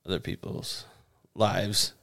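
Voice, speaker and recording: A man's voice: on the low side, steady tone, takes it slowly, vocal fry, pushed and bright, no room sound, clean studio sound. A man co-hosting a casual podcast chat, laughing often as he talks. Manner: laughs often, reads a respectful disclaimer. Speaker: podcast co-host.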